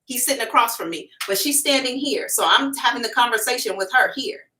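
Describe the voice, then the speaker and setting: A woman hosting a psychic livestream, telling a story to her viewers in a frank, animated way, swearing casually and addressing them directly. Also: fairly high pitch, brisk, distant mic, rough recording. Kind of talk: storytelling to a live audience.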